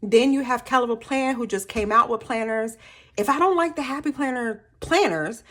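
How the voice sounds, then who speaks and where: Chatty woman vlogger. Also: fairly high pitch. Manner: chatty, animated storytelling with frequent laughs. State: slightly hoarse. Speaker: planner vlogger. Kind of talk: casual chat to viewers.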